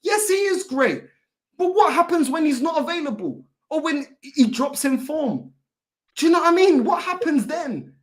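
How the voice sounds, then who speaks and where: A woman's voice: sits high, big pitch swings, moderate pace. A woman hosting a fan channel, ranting in exasperation and firing off rhetorical questions. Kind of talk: heated football fan talk.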